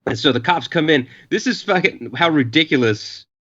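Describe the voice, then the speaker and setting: A man's voice: a little high, lively intonation, normal speed, pushed and bright, highs cut off. A man in his forties telling a long story in casual chat, rambling with lots of filler and acting out what people said. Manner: rambling, profane, many filler uhs, acts out quotes. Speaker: podcast guest.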